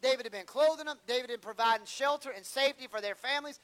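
A man's voice: very high voice, racing, fairly bright tone, low-quality recording. A man preaching a sermon, acting out whiny prayers and bits of dialogue for humor.

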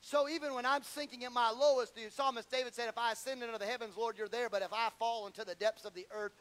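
A man preaching a sermon, swinging from shouted fervor to low, intimate asides and stumbling over repeated words when worked up. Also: fairly even intonation, quick pace, low-quality recording.

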